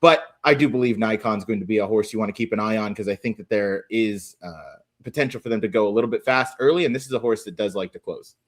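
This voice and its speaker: A man's voice: lowish voice, quick pace. A man appearing as a guest on a racing podcast, thinking aloud as he breaks down the races and hedges his opinions. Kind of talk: casual analytical chat.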